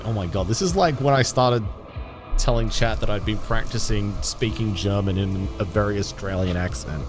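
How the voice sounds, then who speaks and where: A young man livestreams a game and chats casually with viewers in a self-deprecating way, often restarting his sentences. His voice is on the low side at a normal speed, heard over music.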